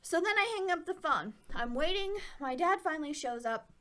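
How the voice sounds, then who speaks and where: A woman with a slightly high voice tells a personal story in a casual vlog. She rambles a little and keeps the tone chatty, dropping wry asides along the way. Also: animated, moderate pace, fairly bright tone. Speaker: vlogger.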